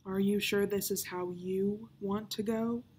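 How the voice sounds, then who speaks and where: A woman's voice: mid-range voice, steady tone, a little slow, a little mellow, a little hiss or hum, close to an everyday voice. A woman reading aloud, voicing a loyal male pirate crewman who asks his captain hesitant, worried questions.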